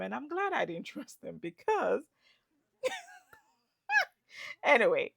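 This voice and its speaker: A woman's voice: mid-range voice, very animated, takes it slowly, gravelly, long pauses, fairly bright tone, dry recording. A woman telling her travel story in a chatty vlog, with asides to the viewer. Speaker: travel vlogger. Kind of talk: casual travel vlog narration.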